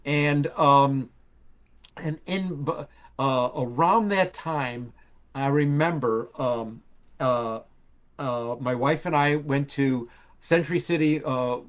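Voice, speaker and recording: A man's voice: mid-range voice, takes it slowly. An older man, a TV writer, telling rambling stories on a live stream, full of fillers and acted-out quotes. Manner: rambling storyteller with many fillers, acts out quoted voices. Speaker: TV writer and producer guest. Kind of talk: casual anecdote telling. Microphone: live stream call.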